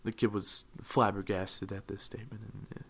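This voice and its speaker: A young man giving mock-dramatic motivational narration for a gaming video, swelling into loud, fervent peaks. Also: on the low side, level tone, normal speed, slightly rough. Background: faint music.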